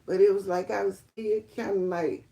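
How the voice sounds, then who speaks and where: A woman telling her life testimony on a live stream, rambling and emphatic, talking straight to viewers as y'all and breaking into high excited exclamations. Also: moderate pace, gravelly. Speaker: livestream host sharing her testimony.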